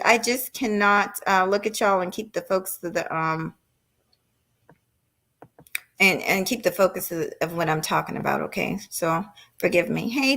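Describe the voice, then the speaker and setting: Blunt, profane woman ranting with a bright voice. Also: medium pitch. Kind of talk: heated live-stream rant.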